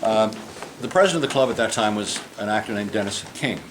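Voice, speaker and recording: Fast, expressive, and fairly low-pitched, this older man's voice carries over a noisy background. A portrait painter showing a group around a club, he tells a long comic anecdote full of digressions and acts out each quoted voice.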